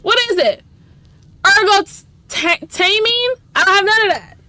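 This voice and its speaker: High, bright-voiced ranting woman gamer. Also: takes it slowly. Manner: profane, ranting and sarcastic; talks to the game characters. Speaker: let's play host. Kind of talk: gameplay commentary.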